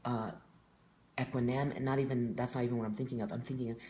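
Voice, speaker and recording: A man of middle pitch talks as an interview guest, earnest and reflective. He thinks aloud and leans on fillers. His voice rings in a noticeably echoey room. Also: flat delivery, fast, darkish tone, slight background noise. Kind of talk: casual conversation.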